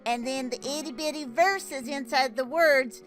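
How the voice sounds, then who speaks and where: Bright, high-voiced older woman storyteller. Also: measured pace, faint music behind. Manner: folksy, chatty, with fillers; animated, exclaiming. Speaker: children's Bible storyteller. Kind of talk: storytelling to children.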